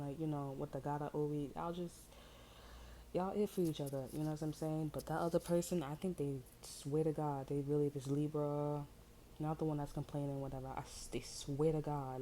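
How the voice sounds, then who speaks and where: A woman tarot reader chats casually in a slangy, rambling way, amused, full of fillers, and breaking into laughter. Her voice is deep with a dark tone, and the audio is poor with slight background noise.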